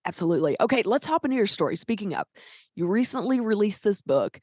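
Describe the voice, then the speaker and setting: A woman's voice: mid-range voice, very animated, fast talker, darkish tone, dry recording, clean studio sound. A woman with a Southern American accent, hosting an interview podcast in a gushing, enthusiastic way. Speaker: podcast host. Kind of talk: casual interview chat.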